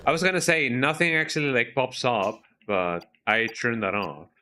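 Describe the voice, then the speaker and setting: A man streaming a video game live, talking to himself in a worried, halting way and yawning now and then. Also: medium pitch, bright, forceful tone, a little hiss or hum. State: sleepy, yawning. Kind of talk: casual live gameplay commentary.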